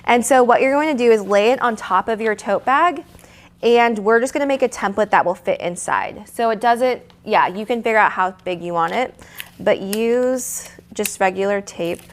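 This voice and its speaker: A woman's voice: on the high side, moderate pace. A woman leading a live lettering lesson, chatty and encouraging, with fillers and restarts. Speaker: art instructor.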